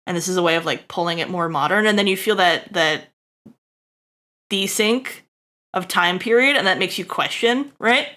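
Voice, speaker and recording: Bright-voiced woman rambling through a design critique. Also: normal speed. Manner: rambling, filler-heavy, checks in with "right?"; jokey asides to chat, bursts high and loud. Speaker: streamer giving character design critique. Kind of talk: casual livestream critique.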